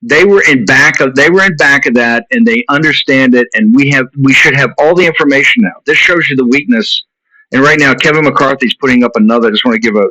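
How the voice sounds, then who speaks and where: A man's voice: mid-range voice, sharp tone, dry recording. A man hosting a show, ranting in heated commentary and hammering his points with repetition. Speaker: show host. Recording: dull lo-fi recording.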